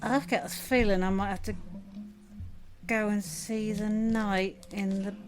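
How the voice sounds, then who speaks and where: A woman's voice: mid-range voice, flat delivery, unhurried, music in the background. A woman playing in a tabletop game, playful and giggly, speaking in character. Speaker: player. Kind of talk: casual tabletop play.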